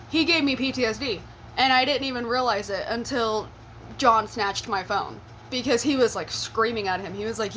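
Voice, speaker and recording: Young woman, high-ish voice, blunt cussing storyteller who laughs as she goes; casual vlog delivery. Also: a bit bright, slight background noise. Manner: blunt and profane, with laughing asides. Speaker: vlogger telling a personal story.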